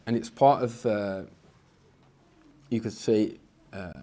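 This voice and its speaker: A man with a fairly low voice teaching in a relaxed, conversational way. He often stumbles over and repeats the first word of a phrase, and now and then jumps up in pitch to act out an inner voice. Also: slow. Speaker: Islamic teacher. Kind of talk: informal spiritual lecture.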